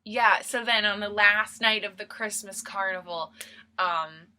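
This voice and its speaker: A young woman ad-libbing a comic story for her video, rambling along with giggles and fillers. Her voice is bright and clear, and her pace is slow and loose. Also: medium pitch. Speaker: comedy video host.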